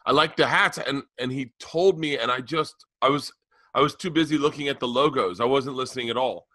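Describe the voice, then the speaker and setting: Male podcast co-host, bright tone, loose storyteller, swears freely. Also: mid-range voice, a little fast, no echo. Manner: rambling storyteller, acts out exchanges; profane. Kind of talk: casual comedic chat.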